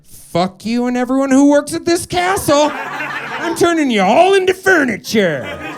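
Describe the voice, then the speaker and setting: A man voicing a spiteful old enchantress woman who hurls mocking insults in a shrill voice. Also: sing-song, unhurried, creaky, background noise, exaggerated voice.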